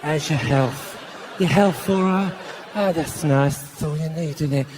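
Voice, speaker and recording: A man's voice: fairly high pitch, measured pace, voice pushed down, natural voice. A comedian voicing a friendly Cockney man whose cheerful questions turn threatening, in a noisy live theatre with a crowd. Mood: menacing chummy.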